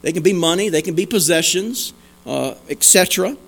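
High-voiced man preaching a sermon. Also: brisk, gravelly, a bit bright. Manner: earnest, emphatic preaching with repeated rhetorical questions. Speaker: pastor.

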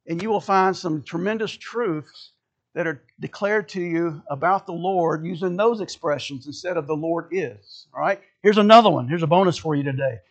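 A man's voice: a little high, normal speed. A male pastor preaching a sermon, emphatic and conversational, repeating key phrases for stress and turning to the congregation with asides.

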